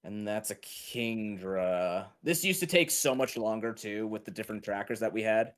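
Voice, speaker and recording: A man's voice: fairly low pitch, normal speed. A man in his thirties, chatting casually and rambling while he plays a game on stream. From Canada. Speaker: game runner. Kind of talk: casual commentary while playing.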